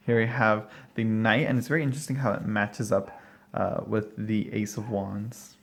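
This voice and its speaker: A man's voice: on the low side, fairly even intonation, moderate pace, creaky. A man casually walking through a tarot deck at home, rambling and thinking aloud with many fillers and short laughs. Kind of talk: casual walkthrough talk. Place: at home, dog barking nearby.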